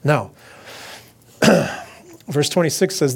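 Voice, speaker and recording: A male pastor gives a relaxed, conversational sermon at a middle pitch. He talks casually and animatedly, slipping into the voices of the characters as he retells the story. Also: brisk.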